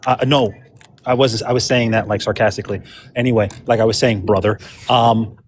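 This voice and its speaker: A man's voice: on the low side, steady tone, a little fast. A man debating a caller on a live political show, sarcastic and cutting, often repeating himself. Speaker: debate panelist.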